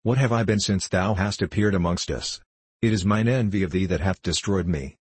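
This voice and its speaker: A man voicing an anguished young man, restless and ashamed, in old-fashioned storybook speech. The voice is low and husky. It sounds close and dry. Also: normal speed, no echo.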